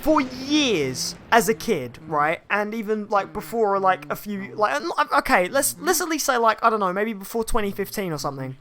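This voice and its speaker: A game streamer giving chatty, rambling gameplay commentary that bursts into excited shouts. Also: medium pitch, moderate pace, few pauses.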